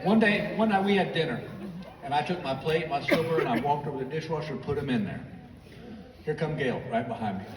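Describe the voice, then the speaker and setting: Older man, stand-up storyteller, slightly high voice, recorded from the crowd with long hall reverb. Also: quick pace, very noisy. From United States. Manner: storytelling, mimics his wife in quoted lines. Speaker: stand-up comedian. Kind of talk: stand-up comedy routine. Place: large live theater stage. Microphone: handheld stage mic heard from audience. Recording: audience phone recording, roomy and distant. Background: audience laughter and clapping.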